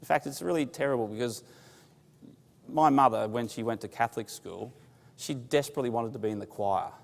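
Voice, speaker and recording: A man's voice: medium pitch, brisk, creaky. A man giving a bible class, telling stories with humor and asking the audience questions. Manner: conversational storytelling with humor. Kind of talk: informal bible class talk. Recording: long hall reverb.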